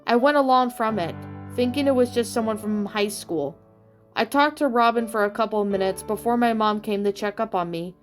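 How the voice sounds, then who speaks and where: A young woman in her twenties narrating a true personal story in the first person, in a plain, rambling way with long run-on sentences. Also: medium pitch. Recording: faint background music.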